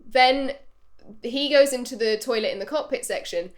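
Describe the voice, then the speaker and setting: A young woman co-hosting a casual comedy podcast, playful, often trailing off softly at the end of a thought. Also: high voice, normal speed. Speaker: podcast co-host. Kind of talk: casual chat.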